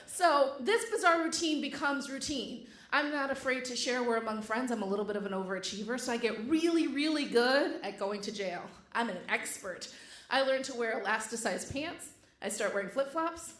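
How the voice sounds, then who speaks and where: A woman's voice: on the high side, animated, normal speed, a bit bright, roomy sound. A woman telling a true story on stage with a wry, comic delivery. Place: stage before a live audience.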